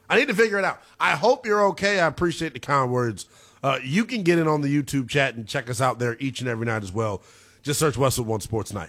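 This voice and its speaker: Animated sports radio host, man. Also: fairly high pitch. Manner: animated, analytical, talks through stats. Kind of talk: late-night sports talk radio.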